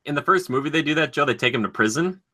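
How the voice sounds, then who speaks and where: A podcast co-host, a man with a strikingly bright, forceful tone. He talks in an eager, rambling way, stacking "like" between thoughts. It is relaxed, loose conversation. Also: on the high side, fast. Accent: Minnesotan. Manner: enthusiastic, rambling, lots of "like". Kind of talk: casual chat.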